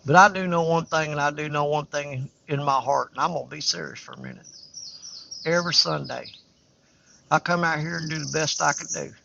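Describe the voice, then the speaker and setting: A man's voice: on the high side, creaky, pushed and bright, slight background noise. An older man hosting a fishing livestream, talking in a folksy, rambling, candid way outdoors on a riverbank. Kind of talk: casual live-stream chat. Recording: dull lo-fi livestream audio.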